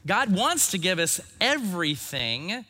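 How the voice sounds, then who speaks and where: A man in his forties preaching a sermon, earnest and reflective, letting his phrase ends fall soft. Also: high-pitched, very animated, unhurried. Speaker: pastor. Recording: long hall reverb.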